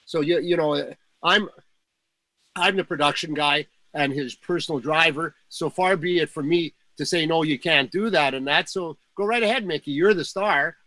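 A man's voice: on the high side, moderate pace, sharp tone, no room sound, rough recording. An older man telling a long backstage anecdote in casual talk, rambling with fillers and restarts. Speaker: guest storyteller.

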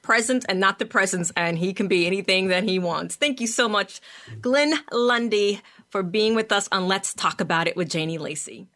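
Woman, bright tone, talk show host, upbeat interviewer. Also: medium pitch, moderate pace. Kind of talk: radio interview.

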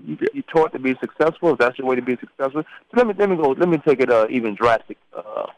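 Halting male radio co-host. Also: mid-range voice, lo-fi sound. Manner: halting, many fillers and restarts. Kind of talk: sports talk radio discussion.

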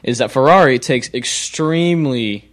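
A man's voice: medium pitch, measured pace. A man co-hosting a casual chat, pushy and rambling, often restarting his sentences. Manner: rambling, pushy, restarts and stutters when excited. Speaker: podcast co-host.

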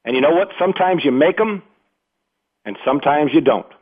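Rambling sports radio host, tinny sound. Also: male voice, a little high, expressive, fairly quick, husky. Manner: rambling, emphatic, repeats words and restarts. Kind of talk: unscripted sports radio commentary. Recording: phone-like narrow band radio audio.

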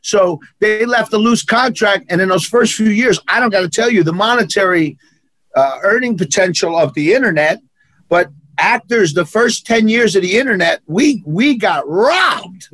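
This high, slightly bright male voice carries lively intonation at a normal speed, with no echo. He's a New York-accented actor and martial arts instructor, a guest in an interview, spinning emphatic, punchy stories and repeating lines for effect.

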